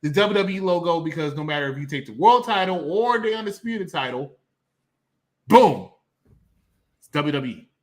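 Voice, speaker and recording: A man's voice: on the high side, animated, normal speed, long pauses. A man co-hosting a wrestling podcast, talking in an emphatic, ranting way with bursts of laughter. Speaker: podcast co-host. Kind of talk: casual wrestling chat.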